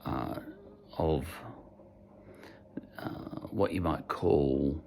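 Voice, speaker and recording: A man's voice: extremely low pitch, drawn-out words, creaky, mellow, a little hiss or hum. An Irish man giving a casual spoken book review, rambling and hesitant as he searches for his words. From Ireland.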